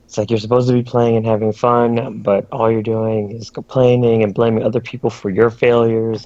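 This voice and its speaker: A man's voice: on the low side, flat delivery, fairly quick, few pauses, warm tone, no room sound. Man, podcast co-host, ranting, exasperated, dry dull audio. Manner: ranting, exasperated, mimics other players. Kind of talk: casual gaming chat.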